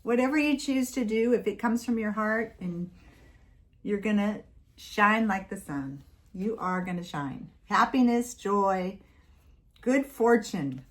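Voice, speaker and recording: A woman's voice: medium pitch, animated, slow pace. A woman giving a casual tarot reading to viewers, chatty and playful, breaking off to talk to her dog. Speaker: tarot reader.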